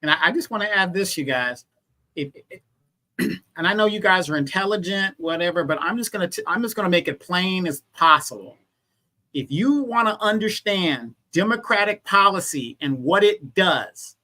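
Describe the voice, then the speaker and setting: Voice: mid-range voice, expressive, moderate pace, sharp tone. A guest on a live political talk stream, speaking casually and plainly with rhetorical questions.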